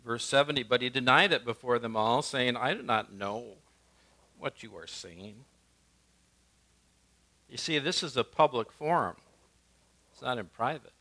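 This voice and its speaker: A male pastor preaches in a clear, bright voice. His delivery swings between forceful, emphatic lines and quiet, hushed ones. His pitch sits in the middle of the male range. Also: a little slow, pauses often. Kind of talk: sermon.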